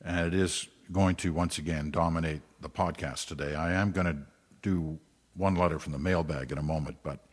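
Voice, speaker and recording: Older guy doing his podcast solo, low voice, a bit husky, rambling off on tangents, long reverb on it. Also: fairly even intonation, moderate pace. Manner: conversational, digressive, self-deprecating. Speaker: podcast host. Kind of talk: casual solo podcast commentary.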